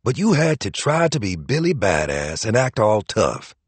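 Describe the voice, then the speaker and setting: A man's voice: on the low side, sing-song, moderate pace, slightly rough, no room sound. A man voicing a smug, entitled man who taunts his rival.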